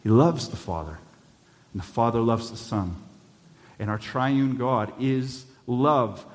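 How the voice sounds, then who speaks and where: A man's voice: medium pitch, takes it slowly, in a large hall. A male pastor preaching a sermon in a church, earnest and building to urgent appeals.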